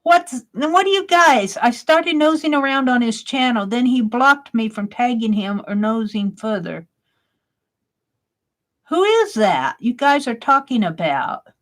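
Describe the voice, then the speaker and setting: Woman live-streaming, reads chat aloud, laughs a lot, unhurried, higher voice. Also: expressive.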